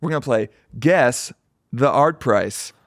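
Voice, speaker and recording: Here a podcast co-host speaks slowly in a mid-range male voice, chatting casually and telling animated stories laced with swearing and impressions of people he overheard. There's no room sound, and the quality is studio-grade.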